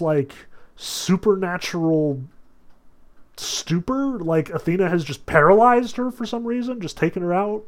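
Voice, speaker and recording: A man giving a casual lecture and reading passages aloud, in a chatty, questioning style full of "like" and "you know". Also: high-pitched. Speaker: literature teacher.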